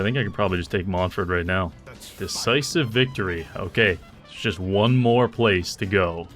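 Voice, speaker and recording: Male gamer, lower voice, sardonic commentary with bursts of mock rage, light music bed. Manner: sardonic, excitable, swings into loud outbursts. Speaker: gaming YouTuber. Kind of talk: casual gameplay commentary.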